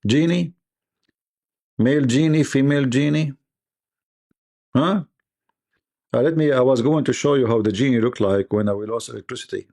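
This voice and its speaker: A man's voice: medium pitch, normal speed, pauses often, dark tone. Joking male livestream host. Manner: joking storyteller, mimics voices, laughs often. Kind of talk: livestream debate chat.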